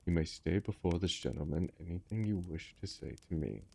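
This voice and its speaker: A brisk, self-assured detective, read by a man for a storybook. He gives orders briskly in a deep, gravelly voice with a husky edge. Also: a little mellow, heavily acted. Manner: brisk, commanding. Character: brisk, confident male detective.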